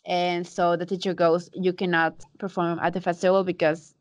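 A young woman chatting casually as a podcast co-host, recapping a movie and quickly agreeing with her partner. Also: lowish voice, level tone.

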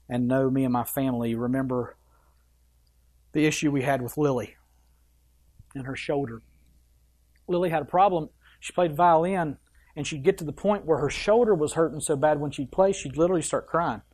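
A male pastor delivering a sermon in a church, his voice swinging from loud, stressed phrases down to quiet, low asides. He speaks straight to the people in the pews and puts questions to them. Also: steady tone, moderate pace, pauses often. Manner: emphatic preaching with wide swings in loudness and pace; addresses the congregation directly with questions.

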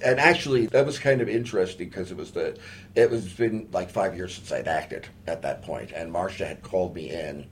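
A man with a lowish voice chats casually as a guest on a talk show. He is animated and laughs easily. A faint hiss of noise sits under the recording. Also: brisk. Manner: animated, chatty, laughs often. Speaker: guest actor. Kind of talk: casual chat.

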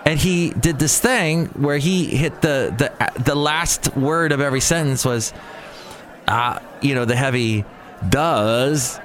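A man's voice: mid-range voice, measured pace, fairly bright tone, faint music behind. A man hosting his own show, talking in a rambling, chatty comic monologue with self-mocking asides. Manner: chatty, self-mocking, swings into impressions and exclamations.

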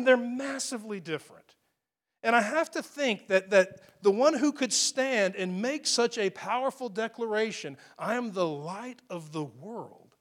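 Male pastor, high voice, chatty and self-mocking, rises to emphatic peaks. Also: a bit bright. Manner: conversational, self-deprecating, builds to emphatic peaks. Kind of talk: sermon.

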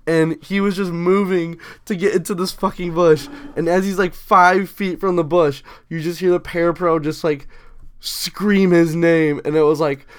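A young man co-hosting a casual podcast, retelling school memories with lots of swearing and "dude." His voice sits a little high and sounds smooth and clear. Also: moderate pace. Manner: animated, swears constantly, says "dude" a lot. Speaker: podcast co-host. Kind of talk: casual storytelling chat.

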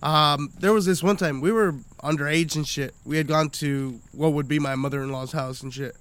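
A man's voice: fairly high pitch, steady tone, moderate pace, a bit bright, clean tone. A young man, a podcast guest, telling profane rambling stories in casual chat and laughing often.

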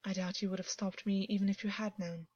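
A woman voicing a hushed, commanding fey man. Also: medium pitch, little pitch movement, dry recording, natural voice. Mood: reproachful. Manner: quiet, measured, often near a whisper. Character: troubled fey man, commanding yet tender. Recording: dull, dry, lo-fi.

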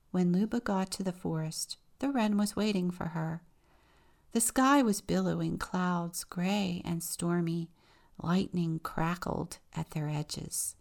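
A woman deacon reading a children's picture book aloud, with slow, expressive storytelling. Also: lowish voice, gravelly.

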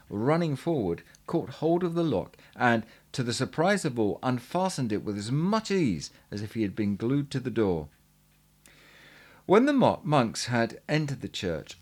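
A man reading an old chronicle aloud in a measured, earnest way, now and then stumbling over a word. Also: mid-range voice. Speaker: reader.

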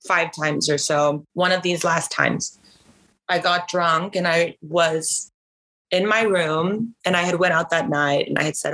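Low voiced woman from norcal, guest on a podcast, rambling casual storytelling, lots of "like". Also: takes it slowly, pushed and bright, low-quality recording. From Northern California. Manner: chatty, frequent "like" fillers, laughs easily.

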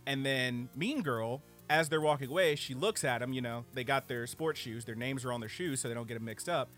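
A man co-hosting a podcast, reviewing anime in casual, animated, profane chat full of fillers. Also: medium pitch, fairly quick, faint music behind. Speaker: podcast co-host.

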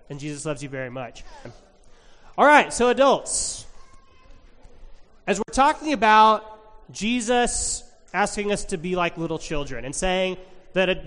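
A man preaches to children in a church sanctuary, his voice sitting high for a man. He keeps asking the kids questions and cheering their answers. The sound carries a long hall reverb. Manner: asks kids questions in a lively, encouraging way. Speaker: pastor. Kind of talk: children's sermon.

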